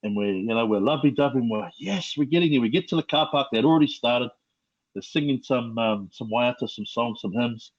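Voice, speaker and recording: A middle-aged man with a New Zealand accent, telling his life story as a podcast guest in a slow, reflective way with many fillers. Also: medium pitch, husky, lo-fi sound. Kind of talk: personal testimony.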